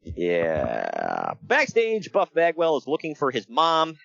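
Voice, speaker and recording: A man's voice: mid-range voice, slow pace, gravelly, lo-fi sound. A man co-hosting a casual podcast, joking and laughing as he recaps a wrestling show. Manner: joking, animated, laughs often. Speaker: podcast co-host.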